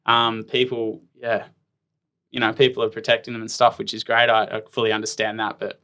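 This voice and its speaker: With a lowish, sharp-toned voice and a flat, slightly fast delivery, a Tasmanian man in his thirties tells stories in a casual interview. He's a professional ironman athlete appearing as a guest, and his storytelling rambles with plenty of "like."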